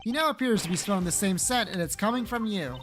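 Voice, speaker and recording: A player reading the lines of a calm, formal male prosecutor in a measured courtroom manner, over faint game music. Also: mid-range voice, natural voice.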